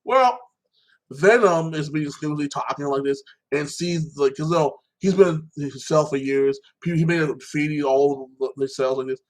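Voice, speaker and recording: A man's voice: fairly high pitch, normal speed, poor audio. A man talking alone in a casual, rambling recap of a movie, full of fillers and restarts, swearing freely. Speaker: vlogger.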